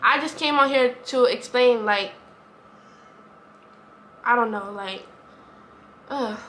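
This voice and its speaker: Speaking slowly at a fairly high pitch, this woman has a slightly bright tone. She's a vlogger in a sincere, casual chat to camera, wandering off track and saying the same things again.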